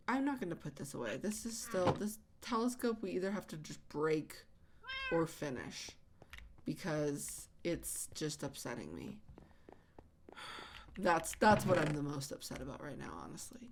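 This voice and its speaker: A woman host chatting casually while she plays, halting with many fillers and restarts, often sighing. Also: low voice, big pitch swings, creaky. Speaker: channel host. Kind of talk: casual chat while gaming. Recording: audible background noise.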